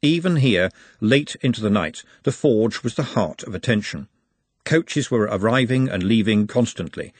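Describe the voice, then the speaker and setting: A man reads a novel aloud in a wry, expressive way, his husky voice moving a great deal in pitch. His voice sits in a middle register, and the recording is close and dry, with no room sound. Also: moderate pace, no echo. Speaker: audiobook narrator. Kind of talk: scripted narration.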